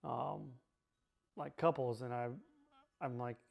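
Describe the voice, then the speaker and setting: Guy telling his own hard story, pretty monotone, halting and repeating himself, lots of "like". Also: medium pitch, gravelly. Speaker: survivor sharing his personal story. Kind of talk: personal testimony.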